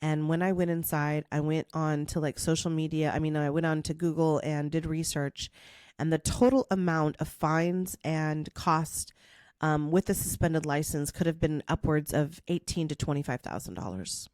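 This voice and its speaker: Female podcast host, storytelling monologue, animated delivery with acted-out dialogue, low pitch, dry booth sound. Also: normal speed, no room sound. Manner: animated, acts out quoted dialogue.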